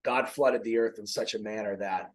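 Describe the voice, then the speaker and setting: A man's voice: lowish voice, normal speed, poor audio. A man hosting his own podcast, talking casually and rambling through self-corrections, a little out of breath. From Maine. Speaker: podcast host. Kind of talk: casual faith talk.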